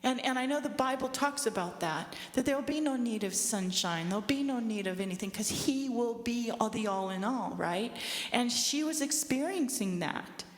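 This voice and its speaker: A woman's voice: a little high, expressive, normal speed. Woman telling her testimony in an echoing hall. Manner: earnest, conversational storytelling with asides to listeners. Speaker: speaker giving a testimony. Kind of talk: personal testimony to an audience. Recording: echoey hall with long reverb.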